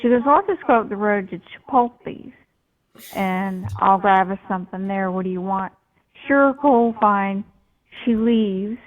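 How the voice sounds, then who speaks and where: A woman's voice: mid-range voice, normal speed. A woman telling a personal story on a live show, rambling, with many fillers and restarts. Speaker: guest storyteller. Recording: tinny phone-line call.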